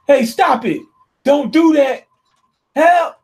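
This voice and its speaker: A man's voice: very high voice, lively intonation, unhurried, voice pushed up. A man voicing a cornered male demon villain who pleads in a rising, frantic voice. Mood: panicked.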